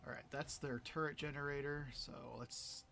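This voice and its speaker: A man streaming a video game in a playful, giggly way who swings between quiet muttering and excited outbursts. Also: fairly high pitch, normal speed. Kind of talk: casual gameplay commentary.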